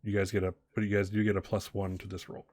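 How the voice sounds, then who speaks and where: A man narrating as game master of a tabletop role-playing game, talking in halting bursts with many fillers and restarts. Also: sits low, monotone, darkish tone, dry recording, studio quality.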